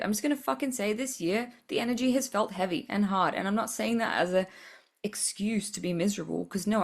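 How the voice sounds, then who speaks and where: A woman hosting a spiritual podcast in a blunt, tough-love voice. She swears freely and laughs often as she talks. Her pitch sits in a middle range. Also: gravelly, slightly rough. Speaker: podcast host.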